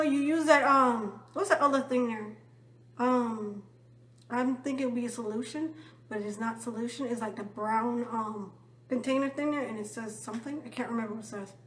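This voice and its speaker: A woman with a high voice tells a personal story in a loose, casual way. She rambles and keeps checking in with her listeners through tag questions. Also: moderate pace, fairly bright tone. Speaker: vlogger.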